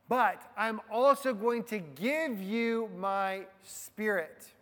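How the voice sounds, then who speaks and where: A man with a high voice preaches a sermon, his words ringing with a long reverb in a large hall. He talks to the men in front of him as if chatting, then drops into hushed asides or pushes hard on key words. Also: slow, few pauses. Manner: swings from hushed low asides to loud emphatic stresses; conversational, addresses the men in the room.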